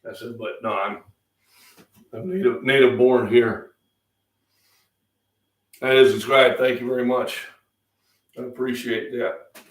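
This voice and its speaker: A middle-aged fitness channel host from Illinois, with a Midwestern American accent, rambles through a casual live-stream breakfast chat full of fillers. He sounds under the weather, coughing and clearing his throat, and speaks slowly in a mid-range voice with fairly even intonation and long pauses. The room is echoey and the mic sits at a distance.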